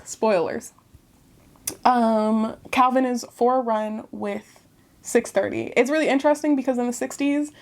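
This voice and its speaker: A talkative woman giving a casual book review straight to camera. Her voice sits a little high, and she keeps an animated, chatty flow with laughs between remarks.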